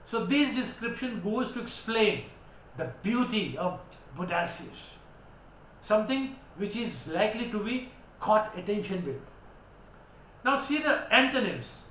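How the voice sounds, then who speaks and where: High-voiced Indian English teacher. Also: male voice, sing-song, unhurried, fairly bright tone. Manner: switches into Hindi to explain; spells words out letter by letter. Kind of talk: vocabulary lesson. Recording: echoey room with faint background noise.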